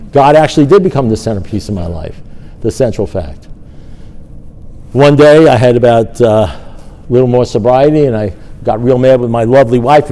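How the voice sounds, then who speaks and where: An older man speaking at a recovery meeting, telling a personal story and acting out the dialogue with his sponsor. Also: mid-range voice. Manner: storytelling, animated, acts out dialogue. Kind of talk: personal testimony talk.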